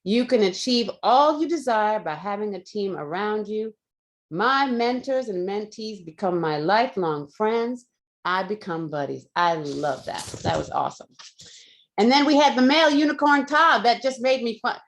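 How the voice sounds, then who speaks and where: A woman's voice: mid-range voice, lively intonation, unhurried. A woman giving an effusive meeting report on a video call, quoting speakers and laughing often. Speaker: meeting grammarian.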